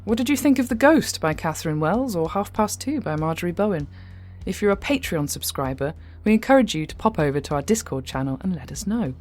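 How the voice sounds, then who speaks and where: A woman's voice: fairly low pitch, animated, fairly quick, a little mellow, faint music behind. An English woman hosting a horror podcast, giving wry, conversational commentary with light humour. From England. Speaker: podcast host. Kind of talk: reflective commentary after a story.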